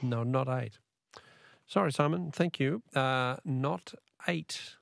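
A man's voice: medium pitch, slow pace, vocal fry, fairly bright tone, no room sound, studio quality. An Australian man hosting a talkback radio quiz, chatty and laughing often.

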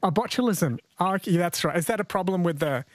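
A man hosting a call-in radio quiz, chatty and playful, often laughing with callers. His voice is a touch high for a man. The studio sound is dry and close. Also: animated, fast, no room sound. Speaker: radio host.

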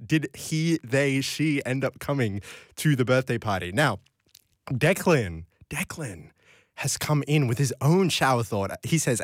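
A young man hosts late-night radio, reading out listener texts in loose, casual chat. He wanders into tangents and giggles, his pitch leaping all over the place. The studio sound is dry and close. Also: sing-song, moderate pace, dry recording. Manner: rambling, giggly, jumps into tangents. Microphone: studio microphone.

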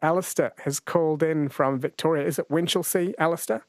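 A man's voice: on the high side, steady tone, fairly quick, no room sound. A man of about forty, hosting a late-night radio talkback show in a chatty, storytelling way from a studio microphone. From New Zealand.

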